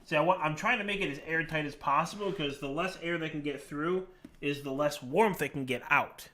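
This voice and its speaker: A man's voice: a little high, fairly quick, pushed and bright. A young man chatting casually on a live stream, joking and self-deprecating as he talks to his cats and to viewers.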